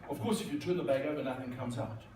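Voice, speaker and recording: A man's voice: medium pitch, quick pace, a little mellow, slight background noise. A man giving a joking keynote talk with magic tricks at a conference, teasing the audience. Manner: joking, playful, talks to the crowd. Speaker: corporate speaker and magician. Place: large conference hall. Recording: echoey hall, mic from a distance.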